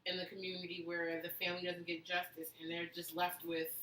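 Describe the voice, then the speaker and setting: A woman hosting a casual chat show, talking in chatty, quick bursts. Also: lowish voice, monotone. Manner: chatty, quick bursts, playful voices for quotes. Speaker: host. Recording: echoey room, mic far off, faint noise.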